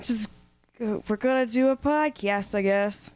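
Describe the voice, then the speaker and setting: Casting: woman, slightly high, smooth clear voice, playful podcast co-host, dry close mic. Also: unhurried, darkish tone, dry recording, soft background music. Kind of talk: casual podcast chat.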